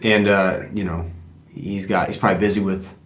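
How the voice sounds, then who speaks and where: A man's voice: deep voice, little pitch movement, moderate pace. Joking man in an echoey room. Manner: joking, playful banter. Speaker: podcast co-host. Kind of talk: casual live podcast chat. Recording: echoey room with faint noise.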